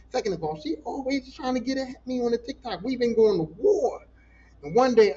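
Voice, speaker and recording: Animated high-voiced man ranting profanely. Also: muffled recording, a little hiss or hum. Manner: animated, profane, talks back to listeners. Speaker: podcast host. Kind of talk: casual solo podcast rant.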